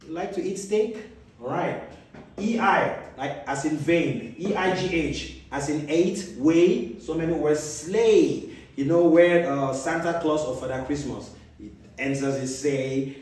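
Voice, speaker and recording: Slow high-voiced man teaching phonics. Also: a little mellow, distant mic. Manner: slow, drawn-out repetition of sounds and example words. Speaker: reading teacher. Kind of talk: phonics lesson. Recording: echoey room, voice from off-mic.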